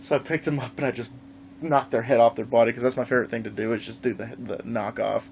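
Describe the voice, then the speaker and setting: A man vlogging live, telling a gaming story in a casual, animated way and swearing freely. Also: medium pitch, fast, creaky, a little hiss or hum. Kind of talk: casual livestream chat.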